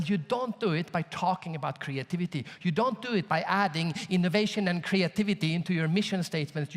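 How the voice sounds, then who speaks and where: A man from Sweden giving a live conference keynote, telling an animated story and asking the audience questions. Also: sits high. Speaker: keynote speaker. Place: large conference hall. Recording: long reverb of a large hall.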